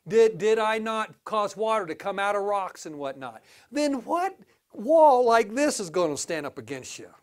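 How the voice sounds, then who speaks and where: A man preaching a sermon in a church, animated, with sudden rises to exclamations, drops to low asides, and frequent restarts. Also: moderate pace, few pauses. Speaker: pastor.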